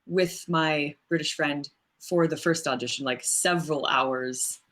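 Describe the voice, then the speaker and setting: A woman voice actor answering interview questions in a relaxed, thoughtful way, with many fillers and frequent laughs. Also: deep voice, unhurried. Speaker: voice actress guest. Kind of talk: casual interview chat.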